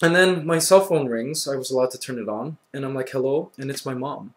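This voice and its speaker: A young man vlogging, telling a story with excitable, acted-out reactions and lots of "like" and "you know". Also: mid-range voice, fairly quick, slight background noise. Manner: excitable, acts out his own reactions with sudden loud outbursts; peppers speech with "like" and "you know". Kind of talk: animated storytelling.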